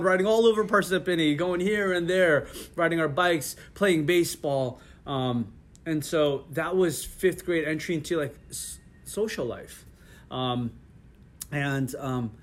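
A middle-aged man in a relaxed interview, talking with many restarts and frequent laughs. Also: fairly high pitch. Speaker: interview guest. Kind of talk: casual conversational interview.

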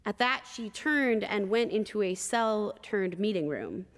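A woman preacher telling a personal story in a sermon, measured and expressive with vivid detail. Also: mid-range voice, big-room sound.

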